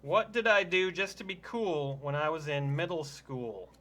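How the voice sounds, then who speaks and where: A man in a casual party game chat, playful and quick to laugh. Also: on the high side, fairly bright tone, slight background noise.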